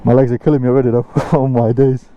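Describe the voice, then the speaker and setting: A man's voice: medium pitch, little pitch movement, fast talker, lo-fi sound, a little hiss or hum. A young man, chatting in casual slang while vlogging a motorcycle ride and hill climb outdoors. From England. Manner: slangy, chatty, self-talking. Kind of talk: casual vlog commentary. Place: outdoors on hills.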